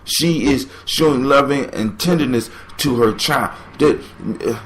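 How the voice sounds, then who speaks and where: A man's voice: medium pitch, a little slow, hardly any pauses, slight background noise. A man hosting a podcast, giving motivational commentary on a folk tale with preachy, emphatic repetition. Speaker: podcast host.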